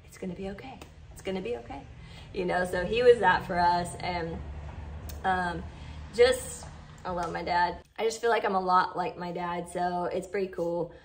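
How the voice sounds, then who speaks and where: A woman's voice: on the low side, moderate pace, slight background noise. A woman chatting heartfelt to her followers in a casual vlog, full of "like" and "you know". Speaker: vlogger.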